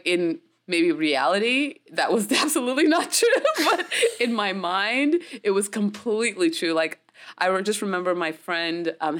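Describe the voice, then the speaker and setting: A woman's voice: fairly low pitch, a bit bright. A woman from the United States, an actress, telling a story in a casual interview in a chatty way, with frequent laughs and many fillers.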